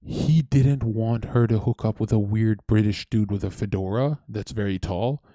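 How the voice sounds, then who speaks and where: A young man from Canada telling a story in casual chat, animated and profane, acting out what others said. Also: on the low side, moderate pace, no echo. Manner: animated, profane, acts out quoted voices. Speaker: streamer host.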